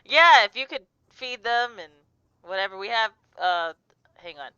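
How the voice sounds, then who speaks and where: A woman's voice: a little high, animated, a little slow, sharp tone, clean tone, dry recording, highs cut off. A woman playing a tabletop game, chatting casually and upbeat. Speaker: player.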